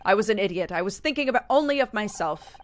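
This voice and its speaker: Woman doing a sorry ex-husband, begging for another chance, pretty low-key. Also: expressive, quick pace, natural voice. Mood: pleading. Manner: pleading, apologetic. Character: smug remorseful adult male ex-husband.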